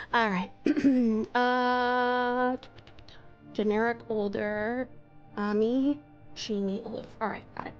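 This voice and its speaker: A woman's voice: fairly high pitch, steady tone, very slow, pauses often, smooth, dull audio, soft background music. A woman from Australia chatting with her live-stream chat and reading viewer stories aloud, bubbly and giggly, gasping often.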